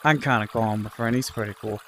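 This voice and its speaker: A man's voice: fairly low pitch, fairly even intonation, fast talker, fairly bright tone, slight background noise. A man telling a story about his job in a casual, rambling way, full of fillers and swearing. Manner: rambling, frequent fillers and profanity. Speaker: vlogger recounting a work dispute.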